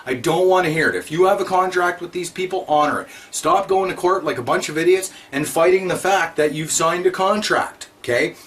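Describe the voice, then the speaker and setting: A man's voice: sits high, brisk, hardly any pauses, a bit bright. A man giving a blunt, repetitive, scolding monologue to his viewers. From Canada. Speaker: vlogger. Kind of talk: ranting monologue to camera.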